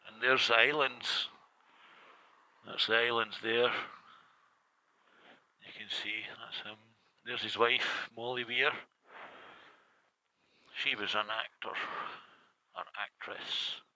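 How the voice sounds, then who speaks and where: A man's voice: mid-range voice, little pitch movement, slow pace, pauses often, pushed and bright, dry recording, poor audio. A Scottish man chatting casually as he tours the lochside on his motorbike, muttering little asides to himself. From Scotland. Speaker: motorcycle vlogger. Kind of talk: casual rambling travel commentary. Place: outdoors by a loch, partly on a motorbike.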